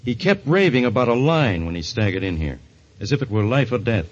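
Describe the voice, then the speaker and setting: An actor playing a blunt, wisecracking police inspector with a husky voice and gruff, folksy slang, 1940s radio acting style. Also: male voice, medium pitch, very animated, brisk. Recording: dull lo-fi old radio recording.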